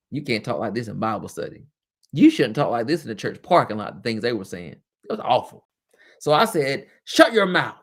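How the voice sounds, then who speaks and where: Man, middle-aged, lowish voice, former teacher, casual webcast chat, candid, laughs easily. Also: husky. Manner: candid, lively, laughs often, chatty asides.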